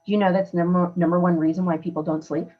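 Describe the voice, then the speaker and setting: A woman's voice: fairly low pitch, fairly even intonation, quick pace, lo-fi sound. A woman hosting a podcast, giving earnest, emphatic advice in a conversational way. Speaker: podcast host. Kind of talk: casual coaching talk.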